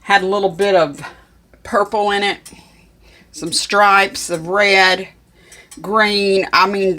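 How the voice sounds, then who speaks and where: A woman's voice: on the low side, fairly bright tone. A woman, chatting in a homey way to viewers and her dog in a casual cooking vlog. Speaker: home cook vlogger.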